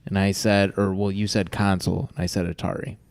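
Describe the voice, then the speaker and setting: A man chatting as a guest with old friends, relaxed and reminiscing. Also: deep voice, brisk, gravelly. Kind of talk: casual chat among friends.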